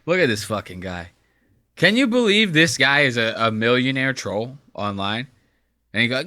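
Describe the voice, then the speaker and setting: A man hosting a reaction commentary, talking over a clip with profane, animated riffs. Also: mid-range voice, moderate pace, dry recording. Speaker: commentary host.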